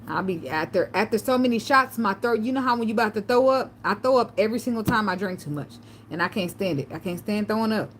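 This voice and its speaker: A woman vlogger telling loose, profane stories in a relaxed chat, laughing often. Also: mid-range voice, quick pace, slight background noise. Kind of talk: casual livestream chat.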